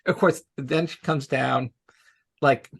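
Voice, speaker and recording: A man's voice: medium pitch, steady tone, takes it slowly, creaky, husky. A man telling stories from his work in a casual interview, chatty and laughing often. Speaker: special education technology guest.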